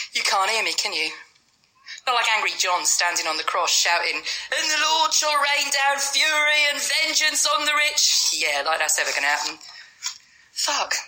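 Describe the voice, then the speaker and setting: A woman gives voice to a homeless street dweller, sitting on the pavement beside her dog. The voice sits fairly low yet sounds very bright and sharp, and the talk is blunt, wry and full of swearing. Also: rough recording. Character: a rough sleeper with her dog, bitter and wry. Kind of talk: dramatic monologue.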